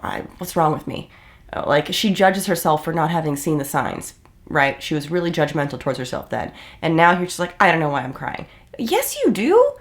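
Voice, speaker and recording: A woman giving heated, blunt reaction commentary and swearing often. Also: fairly low pitch. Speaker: commentary host.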